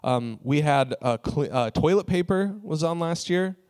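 A man preaching, telling a personal story in a relaxed, conversational way with frequent fillers. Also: a little high, measured pace, clean tone. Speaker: pastor. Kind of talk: sermon story.

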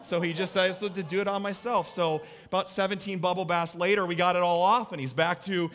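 A man in his thirties, a pastor, delivers a sermon to a live church audience, speaking conversationally, asking the listeners questions, and sharing family stories. His voice is high-pitched and fairly bright, with fairly even intonation and a brisk delivery with few pauses. Faint music plays in the background.

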